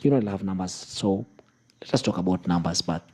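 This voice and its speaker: A man giving measured political commentary that builds to emphatic punchlines, played as a clip. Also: low-pitched, warm tone, breathy edge.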